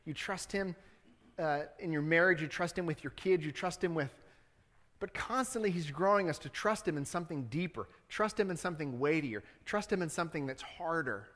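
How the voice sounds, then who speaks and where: A man's voice: on the high side, expressive, fairly quick, fairly bright tone. Conversational male pastor in a reverberant church. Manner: conversational preaching, rising to fervent appeals. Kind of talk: sermon. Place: church sanctuary.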